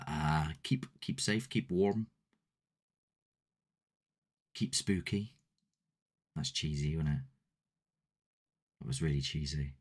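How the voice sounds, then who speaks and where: A man's voice: very deep voice, husky. A man hosting a paranormal channel, chatting casually and a bit ramblingly with his live-stream viewers. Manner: chatty, rambling, self-deprecating. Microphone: desk mic with ring light.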